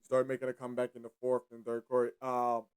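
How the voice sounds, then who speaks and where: A man's voice: medium pitch, completely flat delivery, quick pace, heavy background noise. A young man hosting a casual sports show, ranting in a slangy, profane and repetitive way. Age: young adult. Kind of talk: casual sports commentary rant.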